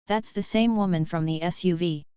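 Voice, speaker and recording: A woman's voice: fairly low pitch, moderate pace, smooth, no room sound, lo-fi sound, lightly acted. A woman voicing a nervous young male police officer who whispers and stammers, in a story reading. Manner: hushed, stammering.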